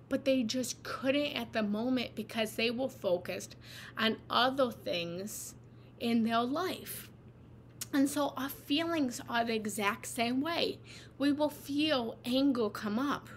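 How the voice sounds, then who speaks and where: Higher-voiced woman teaching, conversational. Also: a little hiss or hum. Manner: conversational, tags lines with "right?". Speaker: meditation and spiritual teacher. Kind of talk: live guided talk on feelings.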